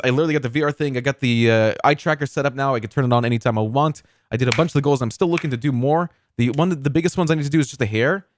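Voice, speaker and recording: A man's voice: medium pitch, dry recording, clean studio sound. A man streaming live, chatting casually with his viewers and reacting to clips.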